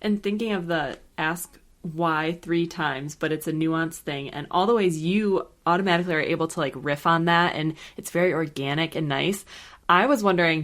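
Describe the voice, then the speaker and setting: A woman's voice: deep voice, a bit bright. A woman co-hosting a podcast who asks her guest questions in a curious, conversational way. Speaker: podcast co-host. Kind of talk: interview question.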